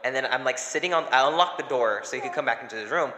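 Bright-voiced young man, echoey room. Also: medium pitch, rapid-fire. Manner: animated, laughing, acts out quotes. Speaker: podcast co-host. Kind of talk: casual storytelling chat. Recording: echoey room with long reverb.

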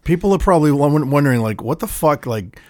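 A man's voice: on the high side, expressive, quick pace, no echo, studio quality. A man co-hosting a comedy podcast, reacting with laughing disbelief and casual swearing. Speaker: podcast co-host.

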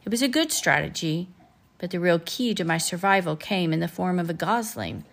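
A woman reading aloud as a kind, gentle female robot from a children's storybook, in a calm and earnest voice. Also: fairly low pitch, a little fast, gravelly, full character voice.

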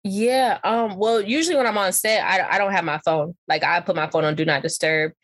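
A young woman, an actress and model coach, talking casually as an interview guest, animated and laughing often. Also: medium pitch, fairly quick. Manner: animated, laughs often, puts on voices when quoting.

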